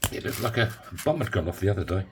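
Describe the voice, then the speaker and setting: A man's voice: deep voice, lively intonation, fast, heavy background noise. A man giving a casual DIY tutorial in his home workshop, chatty and jokey with self-mocking asides. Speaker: coin ring maker.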